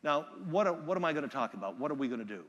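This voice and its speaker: Energetic man giving a keynote in a hall. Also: on the high side, very fast, muffled recording. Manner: energetic storyteller, loud bursts when quoting people. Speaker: keynote speaker. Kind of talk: live keynote speech. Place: large conference hall.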